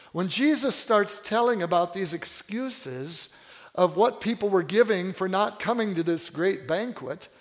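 A high-voiced male pastor delivers an animated sermon, often asking his congregation questions. His voice rings out with long reverb in a church hall.

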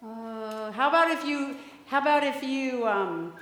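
A woman giving a children's sermon in a church, coaxing the children with lively questions. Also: high voice, a little slow. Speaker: children's message leader. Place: church sanctuary. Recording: echoey hall, roomy.

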